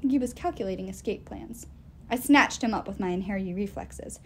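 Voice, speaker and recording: A woman reading a novel aloud in expressive first-person narration. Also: mid-range voice, brisk, slight background noise. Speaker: audiobook reader.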